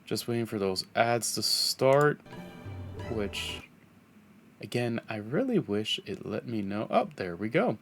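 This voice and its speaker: A man's voice: lowish voice, sing-song, takes it slowly, a bit bright, soft background music. Laid-back rambling male streamer. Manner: rambling, laughs often. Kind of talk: casual chat while gaming.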